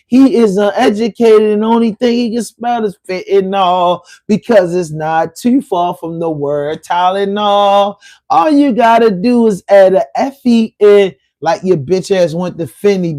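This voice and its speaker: A man with a Baltimore accent hosts a casual live stream, his voice sitting high for a man. He rattles off rhyming insults at trolls in a loose, streetwise way. The sound is dry and close, with little room around it. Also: unhurried, a little mellow, no echo. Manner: trash-talking, rhyming insults. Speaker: podcast host.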